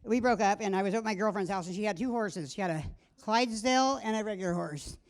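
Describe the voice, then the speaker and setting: A woman's voice: medium pitch, fast talker. A middle-aged woman doing a stand-up set in a comedy club, rambling and crude, breaking off mid-sentence and laughing at her own jokes. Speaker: stand-up comic.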